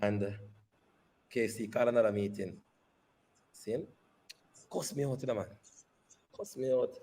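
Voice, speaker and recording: Man, husky voice, company boss, lively storytelling, repeats himself. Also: medium pitch, moderate pace. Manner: animated retelling that repeats phrases and slips into patois. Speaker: company CEO as guest. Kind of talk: personal storytelling in an interview.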